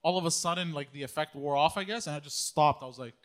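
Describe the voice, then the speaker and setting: A man's voice: on the high side, quick pace, a crowd in the background. Guest storyteller: man with a raised voice, rambling, laughs a lot, swears freely. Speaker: podcast guest. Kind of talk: casual storytelling.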